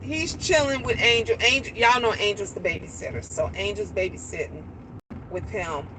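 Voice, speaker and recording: A woman's voice: mid-range voice, normal speed, noisy background. A middle-aged woman and grandmother chatting casually with live stream viewers from a car, rambling animatedly through stories and greeting people as they join.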